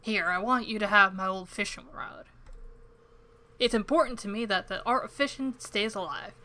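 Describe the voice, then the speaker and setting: A woman puts on a hearty old fisherman for a farming game, with folksy sea-dog phrasing. The voice is bright and forward, and sounds like a friendly shopkeeper by the docks. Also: medium pitch, moderate pace, natural voice. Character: hearty old male fisherman with a sailor's twang.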